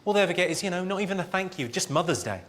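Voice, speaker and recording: Bawdy stand-up, slightly high. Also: male voice, lively intonation, racing. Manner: dry, bawdy storytelling. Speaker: stand-up comedian. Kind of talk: stand-up comedy. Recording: loud noisy live recording.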